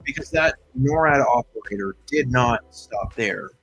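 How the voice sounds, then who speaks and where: A man's voice: medium pitch, expressive, a little slow, fairly bright tone, husky, no echo, faint music behind, poor audio. A man hosting a livestream, telling a story in a chatty, rambling way full of asides. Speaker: host.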